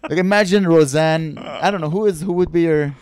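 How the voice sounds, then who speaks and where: A man's voice: a little high, brisk, darkish tone, clear, resonant tone, dry recording. A man, a comedian co-hosting a podcast, chatting casually, teasing and crude, laughing often. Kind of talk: casual chat.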